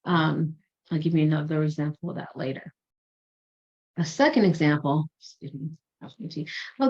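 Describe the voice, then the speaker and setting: A woman career coach explains things casually and at length, chatty, digressive, and often correcting herself. Her voice is low and breathy-edged with fairly even intonation and a brisk pace, heard through dull lo-fi sound.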